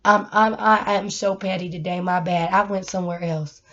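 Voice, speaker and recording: A woman giving a casual, rambling motivational talk, laughing often and swinging from loud to hushed. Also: lowish voice, steady tone, moderate pace, muffled recording. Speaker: motivational vlogger.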